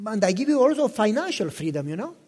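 High, animated preacher man in a hall. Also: fast, slightly rough. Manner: impassioned storytelling, repeats himself, asks listeners questions. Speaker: pastor. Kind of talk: sermon. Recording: long reverb in a hall.

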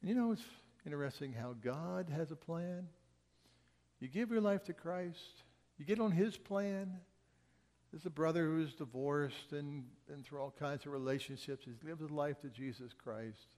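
A man preaching a sermon and telling stories, swinging between loud urgent quotes and quiet asides. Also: a little high, unhurried, big-room sound. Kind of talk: sermon storytelling.

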